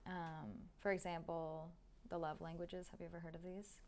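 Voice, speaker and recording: A woman's voice: fairly low pitch, level tone, moderate pace, slight background noise. A woman in her twenties, a podcast guest, chatting casually with many "like"s and "um"s. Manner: chatty, lots of "like" and "um". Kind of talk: casual interview chat.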